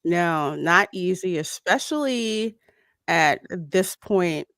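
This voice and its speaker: A woman's voice: fairly low pitch, animated, slow, a bit bright, no room sound, studio quality. A woman hosting a film watch party, chatting casually and reading viewer comments aloud.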